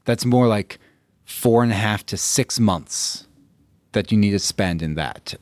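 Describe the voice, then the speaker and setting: A man hosting a podcast as a fitness coach, talking bluntly and casually with frequent swearing and quick acted-out reactions. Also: on the low side, no room sound, clean studio sound. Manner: blunt, profane, acts out listeners' reactions. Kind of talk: casual solo podcast monologue.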